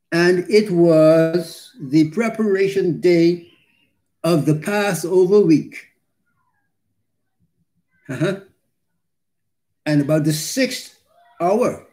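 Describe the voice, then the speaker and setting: A man preaching a sermon, slow and deliberate, pausing between phrases and reading scripture aloud for emphasis. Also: fairly high pitch, warm tone.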